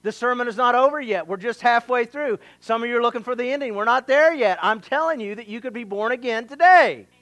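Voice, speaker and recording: Male pastor with a raised pitch; an energetic preacher who jumps between storytelling and direct address. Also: brisk, hardly any pauses. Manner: animated preaching with acted quotes and asides. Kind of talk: sermon.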